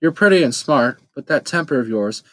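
A man's voice: mid-range voice, expressive, brisk, close to an everyday voice. A man voicing a cold, imperious middle-aged woman ruler who speaks in an icy, dismissive way. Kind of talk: audiobook character voice.

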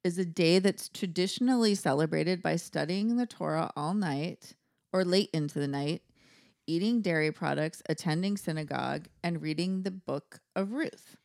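A woman's voice: on the low side, moderate pace, vocal fry, darkish tone, dry recording. Woman cohost chatting casual, laughs a lot, teases her friend, dry close mic. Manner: giggly, teasing. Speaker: podcast co-host. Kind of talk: casual chat.

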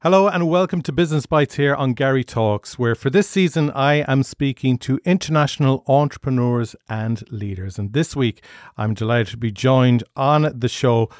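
A man's voice: mid-range voice, normal speed, dry recording, studio quality. A man hosting a podcast and interviewing a guest in a friendly way, laughing along with him. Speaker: podcast host.

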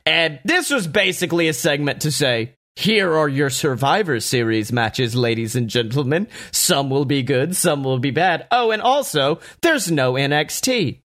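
A man hosting a casual podcast, talking excitedly and profanely with lots of laughter and mock quotes. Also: on the high side, normal speed, hardly any pauses. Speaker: podcast host. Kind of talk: casual wrestling podcast chat.

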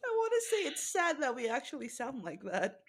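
A woman's voice: sits high, huge pitch swings, fairly quick. A woman co-hosting a podcast in casual chat, laughing often and swearing freely. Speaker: podcast co-host.

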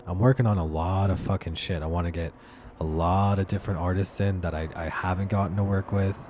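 A young man with a low, darkish voice hosts a podcast from home, spinning a comedic story into a profane, exasperated rant. He acts out the voices of the people in the tale.

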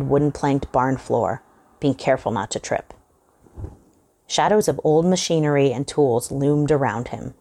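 Very deep-voiced woman reading horror. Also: dark tone. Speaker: host and reader. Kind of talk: dramatic horror story reading.

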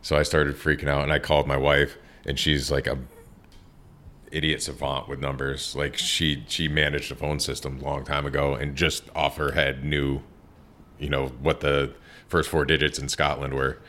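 A man with an extremely low, rumbling voice tells stories in a casual interview. He swears freely and acts out the people he quotes. He is in his thirties and works as a tattoo artist. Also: moderate pace, a little hiss or hum. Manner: profane, animated storyteller acting out quotes.

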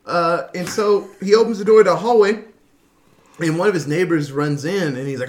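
A man's voice: high voice, moderate pace. A man co-hosting a podcast, casually recapping a zombie movie with laughs, swearing and acted-out quotes. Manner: animated retelling with quoted voices, laughing, swearing. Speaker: podcast co-host.

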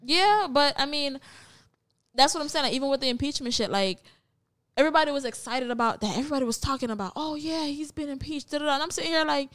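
A woman's voice: sits high, expressive, fast, fairly bright tone. A young woman co-hosting a podcast, talking bluntly and emphatically in casual chat, swearing freely. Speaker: podcast co-host.

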